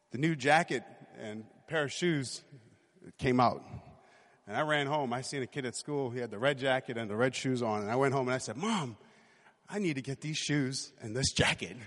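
A man in his forties telling a personal story in a lively, animated way, acting out the quotes. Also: medium pitch, moderate pace, big-room sound. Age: 40s.

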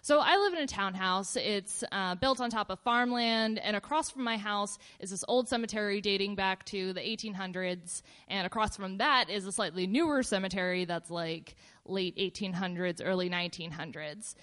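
A woman casually telling a personal story in a relaxed, meandering way, with fillers and pauses. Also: medium pitch, clear, resonant tone.

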